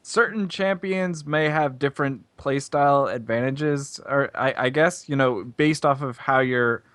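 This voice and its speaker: A man's voice: mid-range voice, unhurried, fairly bright tone, smooth, no echo. A man co-hosting a gaming podcast, earnest and explanatory. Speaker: podcast co-host. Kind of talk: casual chat.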